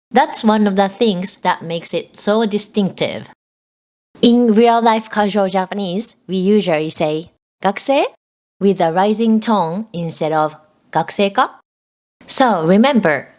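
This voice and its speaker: A woman teaching a language lesson, explaining grammar clearly and patiently and reading out example sentences. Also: mid-range voice.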